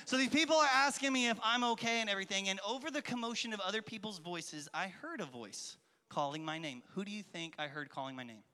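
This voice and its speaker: A man in his thirties, a children's pastor, gives a lively, playful sermon to a crowd of kids, acting out voices. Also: high-pitched, fast. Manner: animated, playful, acts out voices and calls to the crowd. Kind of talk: lively kids' church sermon with storytelling. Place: large church hall with an audience. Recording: long hall reverb.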